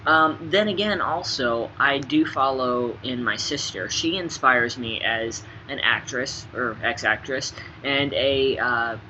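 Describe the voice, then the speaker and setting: A young man answers light interview questions, playful and joking, dropping to quiet asides and then bursting out loud. His voice is bright and forceful. The recording sounds slightly dull, with a faint hiss behind it. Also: mid-range voice, takes it slowly, hardly any pauses. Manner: playful, jokey, swings between soft asides and loud bursts. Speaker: interviewee, actor. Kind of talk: casual fun interview.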